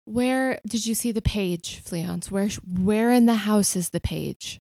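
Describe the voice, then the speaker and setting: A woman playing a tabletop game, chatting quickly and lively. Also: mid-range voice, vocal fry, no room sound, clean studio sound. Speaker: player. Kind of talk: casual chat in a tabletop game.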